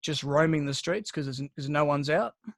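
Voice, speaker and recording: A slightly high, gravelly voice at a moderate pace belongs to a podcast co-host chatting casually. He tells rambling stories full of swearing and restarts, in a dry, studio-quality recording.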